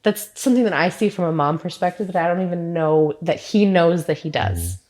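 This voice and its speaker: A woman's voice: on the low side, animated, fairly quick, darkish tone. A woman in her thirties, a mother, giving heartfelt, proud interview answers about her family. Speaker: mother of guests.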